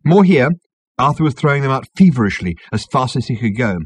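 A man narrating a comic novel as an audiobook, with a wry, expressive delivery. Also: mid-range voice, fast, breathy edge, dry recording.

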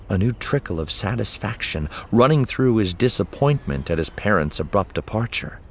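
Audiobook narrator, male, very deep voice with lots of melodic movement, faint background hiss. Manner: expressive storytelling. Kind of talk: scripted narration.

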